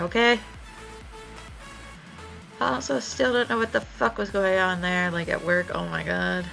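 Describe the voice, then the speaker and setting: A woman's voice: medium pitch, moderate pace, gravelly, soft background music, poor audio. A young woman chatting casually while she draws on stream, telling stories with lots of swearing. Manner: chatty, swears freely, animated storytelling. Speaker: art streamer. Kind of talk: casual chat while drawing.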